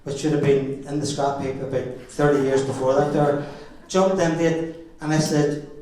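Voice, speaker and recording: A man's voice: on the high side, steady tone, normal speed, dark tone. A middle-aged man with a Northern Irish accent giving a father-of-the-bride wedding speech, telling jokey stories with chuckles. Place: wedding reception hall. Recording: very echoey hall, far from the mic.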